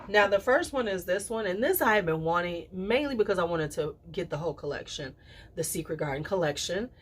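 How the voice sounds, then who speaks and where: A woman talking casually to camera as a perfume reviewer, chatty and animated, with playful asides and quick drops to a whisper. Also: fairly low pitch, husky. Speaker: perfume reviewer and channel host.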